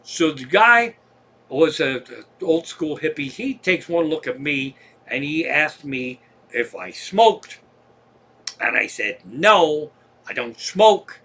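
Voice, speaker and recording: Man comedian, bright voice, a bit high, profane, rambling stories. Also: expressive, slow pace, creaky. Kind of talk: casual stand-up storytelling. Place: home livestream.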